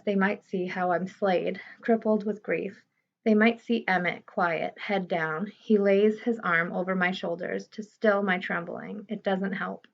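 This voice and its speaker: Lady reading a novel aloud, steady and understated, bit of vocal fry, kinda dull lo-fi sound. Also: mid-range voice. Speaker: audiobook reader. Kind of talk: first-person novel read aloud. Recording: slightly muffled recording.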